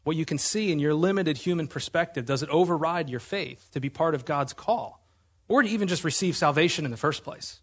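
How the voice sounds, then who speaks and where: Pastor, male, fairly high husky voice, earnest emphatic sermon delivery. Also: fairly quick, a bit bright. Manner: earnest, emphatic preaching with rhetorical questions.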